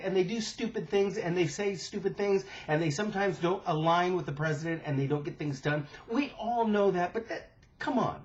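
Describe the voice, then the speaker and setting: A man's voice: high-pitched, normal speed. A man giving an impromptu political rant to his camera, agitated and indignant, often repeating himself and restarting sentences. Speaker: political vlogger. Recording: dull lo-fi camera audio.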